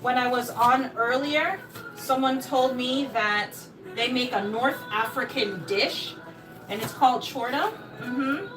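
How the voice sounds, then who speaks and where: A woman's voice: sits high, takes it slowly, over music, poor audio. A woman from Jamaica speaking with an American accent, chatting casually on a live stream as she cooks in her home kitchen, encouraging viewers and greeting them by name. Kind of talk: casual live-stream chat while cooking.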